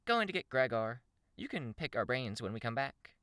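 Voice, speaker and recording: A man's voice: mid-range voice, big pitch swings, normal speed, sharp tone, clean tone, no room sound, clean studio sound, pitched above the performer's own voice. A man doing a breezy, winking young woman. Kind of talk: audiobook character voice.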